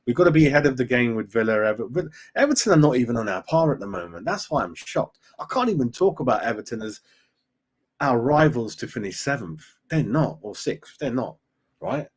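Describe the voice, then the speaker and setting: A middle-aged man with a husky, mid-range, sing-song voice chats fairly quickly on a fan live stream, reading viewer comments. He's opinionated and keeps tagging his lines with "mate" and "right?".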